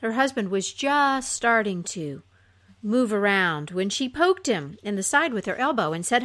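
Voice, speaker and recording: A woman telling a fairy tale aloud in an unhurried, expressive way, her voice softening at the ends of phrases. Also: medium pitch. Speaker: storyteller.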